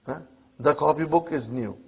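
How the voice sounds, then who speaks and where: Quizzing his students with brief "huh?" prompts, a man leads an Arabic lesson and explains every example. His fairly high voice is gravelly with a breathy edge and comes at a normal speed, heard through a dull, lo-fi classroom recording.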